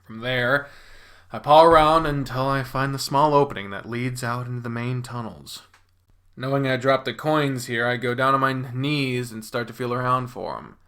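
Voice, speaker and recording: A man hosting a channel, reading a visual novel story aloud in the first person with expressive drama, from hushed near-whispers to loud panicked lines. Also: medium pitch, normal speed, clean tone.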